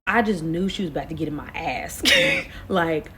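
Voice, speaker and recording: Animated woman in her late twenties. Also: sits low, moderate pace, slight background noise. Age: late 20s. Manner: animated, expressive storytelling with slang. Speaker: vlogger. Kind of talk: casual storytime.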